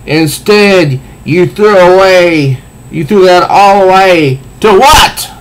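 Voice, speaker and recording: A man voicing a boastful male clay monster villain who taunts loudly and cackles. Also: high-pitched, animated, takes it slowly, slight background noise, voice pushed up, poor audio. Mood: taunting.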